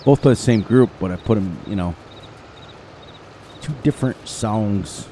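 A man's voice: fairly low pitch, noisy background. A man with an upstate New York accent giving chatty gameplay commentary, laughing often and breaking into bits of song. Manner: chatty, quick to laugh, sings snatches of songs. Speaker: gaming channel host.

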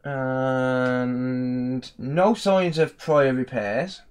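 Brief: young West Midlands man, repair tech vlogger, irritated rant, mid-pitched voice. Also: fairly even intonation, drawn-out words, clear, resonant tone. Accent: West Midlands English. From England. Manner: annoyed, ranting, repeats himself. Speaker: electronics repair technician. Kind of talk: casual vlog commentary.

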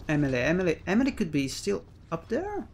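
A man's voice: high-pitched, huge pitch swings, fairly quick, a little hiss or hum. A man chatting playfully through a let's-play commentary, joking and swearing mildly. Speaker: gameplay commentator.

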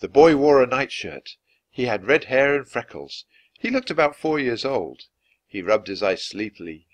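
A man reading a children's book aloud, clear and expressive, at an easy pace for learners. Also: medium pitch, normal speed, dry recording. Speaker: storybook reader.

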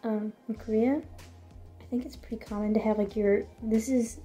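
A woman's voice: fairly high pitch, steady tone, moderate pace, loud music behind the voice. A young woman vlogging from a small room, telling a story casually and filling her speech with "like". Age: young adult. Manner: chatty, fills speech with "like". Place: small quarantine room indoors.

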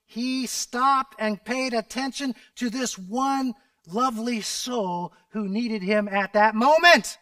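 A man preaching a sermon as pastor, animated and dramatic, rising to shouts and dropping to near whispers as he retells a story. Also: very high voice, slow, no echo, distant mic. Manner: animated, acts out scripture voices, drops to a near whisper at times.

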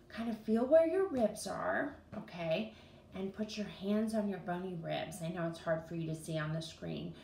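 Storytime reader, female, warm-toned coaxing delivery, roomy echo with faint noise. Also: medium pitch, gravelly, recorded from a distance. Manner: gentle, encouraging, asks the children questions. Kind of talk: children's read-aloud.

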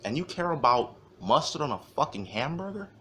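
A tired fast-food counter worker who asks what the problem is in a low, flat, formal tone, as a man puts the voice on. The voice drops below his usual pitch and stays weary. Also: slight background noise.

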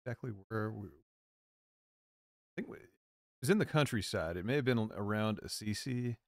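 A man co-hosting a casual chat, rambling and halting with many fillers. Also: on the low side, expressive, no room sound, studio quality. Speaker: co-host.

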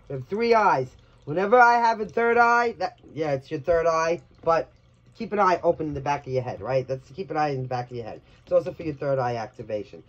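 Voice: medium pitch, dull audio. A tarot reader from Brooklyn giving a casual reading, blunt and chatty, swearing freely. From New York, Brooklyn.

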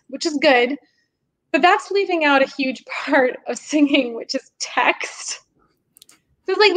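A young woman with a high voice talks through her craft in a podcast interview. Her delivery is animated and explanatory, and she laughs easily as she goes. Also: low-quality recording. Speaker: podcast guest, singer and composer. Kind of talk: conversational interview.

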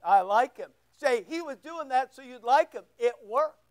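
Orta yaşlı erkek vaiz, tiz sesli, kilisede sohbet havasında vaaz veriyor. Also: male voice, extremely high pitch, lively intonation, moderate pace, rough recording. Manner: conversational, repeats words, asks the room questions. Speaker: pastor. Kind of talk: sermon. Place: church.

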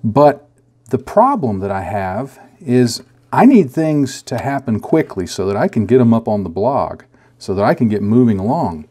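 A middle-aged man hosting a scale modeling how-to in a casual, easygoing way, chuckling at himself and pausing with fillers. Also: mid-range voice, big pitch swings, warm tone. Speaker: scale modeling tutorial host.

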